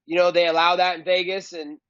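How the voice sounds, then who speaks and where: A cocky fighter mocks his rivals in a high, boastful voice. The sound is close, dry and slightly dull, with no room around it. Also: little pitch movement, quick pace, fairly bright tone, no echo. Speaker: fighter being interviewed. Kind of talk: boastful trash talk.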